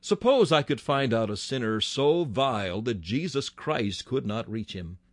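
A man's voice: mid-range voice, animated, a little slow, dry recording. A man preaching a sermon with fervent delivery, his voice rising sharply on key words.

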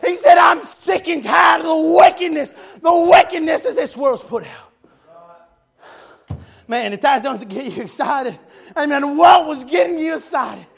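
A man preaching a fervent revival sermon, often shouting and repeating refrains. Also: lively intonation, measured pace. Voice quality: gravelly, high-pitched voice.

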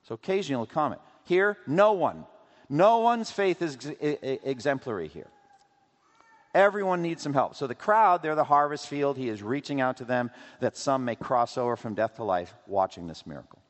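A man preaching a sermon as pastor, asking rhetorical questions and acting out quotes in an animated way. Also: medium pitch, normal speed. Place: church sanctuary. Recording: long hall reverb.

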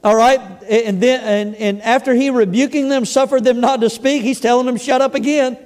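This middle-aged male preacher has an extremely high pitch, a steady tone, and a slightly mellow quality, speaking at a moderate pace. Standing in a church sanctuary, he reads from scripture and riffs on it with jokes and chatty anecdotes, often restarting his lines as he tells his stories.

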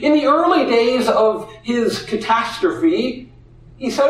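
A man preaching a sermon, expressive, acting out the voices in the story he tells. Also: very high-pitched, a little slow. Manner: expressive, acts out quoted voices. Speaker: pastor. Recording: echoey room, heard from a distance.

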